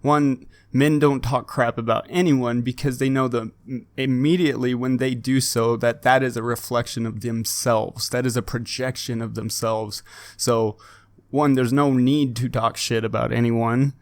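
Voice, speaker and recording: A man of middle pitch delivers his opinion straight to camera, pressing his points hard and circling back to repeat them. The sound is close and dry, with no room around him. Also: flat delivery, moderate pace, no echo. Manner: emphatic, repetitive, with many restarts. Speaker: fitness channel host.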